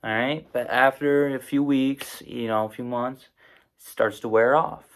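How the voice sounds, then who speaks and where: A man's voice: medium pitch, fairly even intonation, a little slow. A man giving an informal spoken explainer, casual and rambling, with many fillers and restarts. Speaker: presenter explaining psychoactive drugs.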